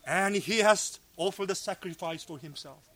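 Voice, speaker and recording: A pastor preaching a sermon at a fellowship meeting, swinging from loud cries to hushed low tones, in English that is not his first language. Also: normal speed, no echo.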